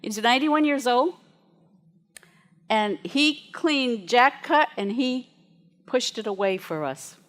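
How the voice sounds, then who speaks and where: A woman minister preaches to her congregation with a slightly high voice. She tells stories in a chatty, lively way and often laughs along the way. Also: slow pace, pauses often. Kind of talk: storytelling sermon to a congregation.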